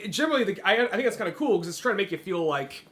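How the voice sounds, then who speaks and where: A man's voice: high-pitched, big pitch swings, rapid-fire, a bit bright. A man co-hosting a podcast in casual chat, hesitant and full of "like", laughing as he talks. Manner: hesitant, many likes, laughs into his lines. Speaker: podcast co-host.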